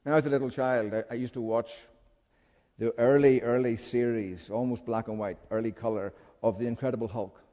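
A man preaching with fervour, his voice dropping to a hush and then rising to urgent appeals. It is a mid-pitched voice carried by a long hall reverb, the sound of a church. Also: fairly even intonation, fairly quick. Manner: impassioned, swings from hushed pleading to loud urgent calls. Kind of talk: sermon.

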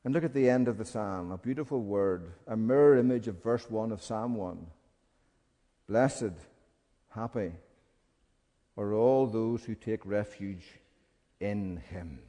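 A man's voice: on the low side, measured pace, long pauses. Impassioned preacher man in a reverberant hall. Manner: impassioned, swings from hushed pleading to loud urgent calls. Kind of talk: sermon.

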